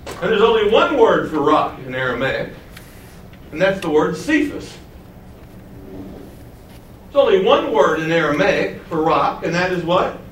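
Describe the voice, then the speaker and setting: Animated man preaching in an echoey room. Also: sits high, a little slow, long pauses, distant mic, a little hiss or hum. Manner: animated teaching, rhetorical questions to the congregation. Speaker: pastor. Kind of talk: sermon.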